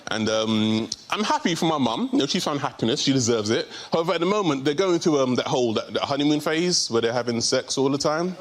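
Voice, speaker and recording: A young man tells a stand-up story in a mid-pitched voice. He talks loosely and conversationally, dropping in slang as he goes. Clear noise sits behind him on stage. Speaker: stand-up comedian. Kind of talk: stand-up routine.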